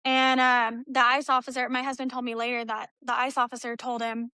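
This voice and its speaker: High, bright-voiced woman telling her story. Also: little pitch movement, brisk, smooth, no room sound. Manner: storytelling, acts out quoted dialogue. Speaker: interview guest. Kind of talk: emotional personal account.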